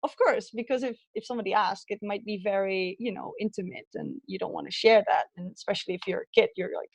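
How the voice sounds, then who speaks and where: A woman with a Dutch accent, a guest in an interview, telling childhood stories in an animated, chatty way. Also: mid-range voice, a little fast, vocal fry, dry recording, dull audio. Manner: animated storytelling with laughs and acted childhood quotes. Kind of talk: conversational interview storytelling.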